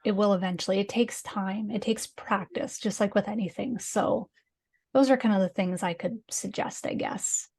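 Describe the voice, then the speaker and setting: A woman's voice: medium pitch, fairly even intonation, moderate pace, gravelly, darkish tone, husky. A woman from Canada, a guest on a podcast, talking in an easygoing way with frequent laughs and trailing fillers. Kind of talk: casual podcast interview.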